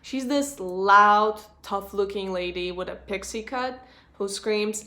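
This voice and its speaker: Blunt woman vlogger, mid pitch. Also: measured pace, pushed and bright. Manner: frank, blunt, cynical. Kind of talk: reflective personal monologue.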